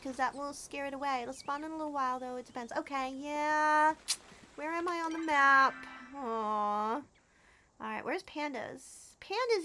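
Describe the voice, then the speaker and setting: A young woman streaming a game live, chatting warmly with viewers and squealing at near misses. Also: high voice, a little hiss or hum. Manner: bubbly, chatty, greets viewers warmly by name. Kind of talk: live gameplay commentary.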